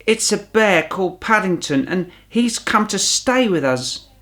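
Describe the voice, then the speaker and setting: A man voicing a kind, cheerful young girl in a storybook reading, speaking brightly and reassuringly. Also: high voice, expressive, measured pace, voice pushed up, exaggerated voice.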